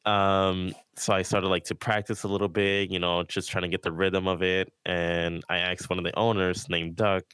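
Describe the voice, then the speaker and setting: A man's voice: deep voice, bright, forceful tone, clean tone, no echo. A man telling a story in a casual podcast chat, laid back, with lots of fillers and laughs. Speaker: guest, VR rave DJ.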